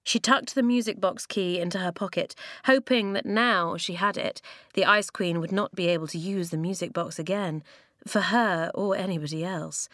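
A woman narrating an audiobook in a calm, even storytelling manner. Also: mid-range voice, normal speed, hardly any pauses, no room sound, clean studio sound.

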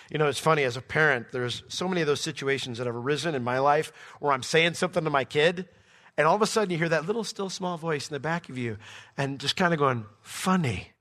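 A middle-aged man teaching through a Bible book as pastor, swinging from soft asides to emphatic points. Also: on the high side.

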